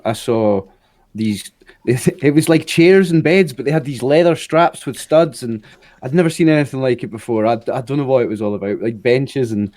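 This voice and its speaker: A man's voice: mid-range voice, darkish tone. A Scottish man playing a tabletop game, chatting casually and calling people mate. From Scotland. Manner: easygoing, says "mate". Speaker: player.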